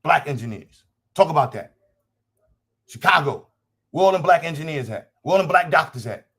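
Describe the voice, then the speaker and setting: A man's voice: on the high side, lively intonation, normal speed, a bit bright, breathy edge. A man hosts a casual livestream and talks straight to his chat. His delivery is blunt and combative, full of profanity. He keeps repeating phrases to drive his point home. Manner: repeats himself for emphasis. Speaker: livestream host.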